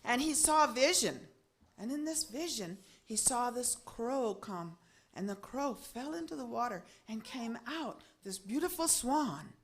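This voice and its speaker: A woman telling a religious story to a gathering, expressive and acting out the characters' voices. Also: unhurried. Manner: expressive, swinging pitch and loudness, acting out voices.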